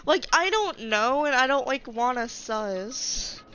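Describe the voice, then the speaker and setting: Young woman streamer, high bright voice, really upset and teary, keeps repeating herself, bit of music behind. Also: animated, slow pace, clean tone. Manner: emotional, repetitive, swears when upset. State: upset, tearful. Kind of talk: casual gaming stream chat.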